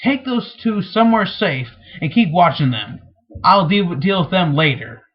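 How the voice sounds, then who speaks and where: A man reading the lines of a calm, authoritative young woman leader in a dull, lo-fi home recording, with a slightly raised, husky voice. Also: sits high, a little slow, full character voice. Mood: commanding.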